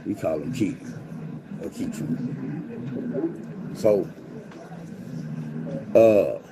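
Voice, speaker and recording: A man tells a story in casual, profane street slang, acting out quotes with animated swings in his voice. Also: low voice, very slow, creaky, very noisy.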